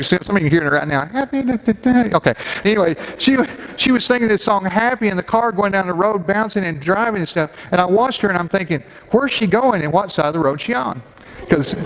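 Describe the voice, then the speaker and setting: A middle-aged man, a pastor giving a Mother's Day sermon and telling a personal story with gentle humor. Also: fairly high pitch. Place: church sanctuary. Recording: long hall reverb, faint background noise.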